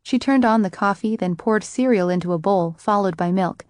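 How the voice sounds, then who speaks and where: Her voice sits in the middle range as she reads a scripted audiobook, steady and measured like a storyteller. The close, dry recording has no room sound and no echo.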